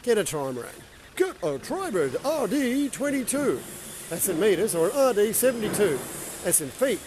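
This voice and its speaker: A man's voice: high voice, big pitch swings, moderate pace, darkish tone, slight background noise. An older man, joking and swearing as he shows a boatyard in a casual vlog. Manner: crude, joking, swears freely. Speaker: boat builder and vlogger. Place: outdoors at a shipyard.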